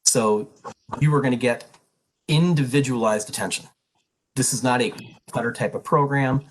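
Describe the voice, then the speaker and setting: A man's voice: medium pitch, moderate pace, a little hiss or hum, poor audio. A middle-aged man advising prospective pre-health students, talking in an earnest, emphatic and direct way. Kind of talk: info session talk to prospective students.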